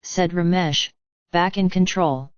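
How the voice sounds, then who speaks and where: A woman reading an audiobook in scripted narration, voicing every character in the same even narrating voice. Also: fairly low pitch, takes it slowly, clean tone, no room sound, lo-fi sound.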